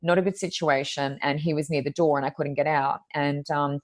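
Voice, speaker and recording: A woman's voice: deep voice, fairly even intonation, fairly quick. A woman, a medium guesting on a podcast, telling stories in a chatty, rambling way full of ums and likes. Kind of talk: conversational storytelling.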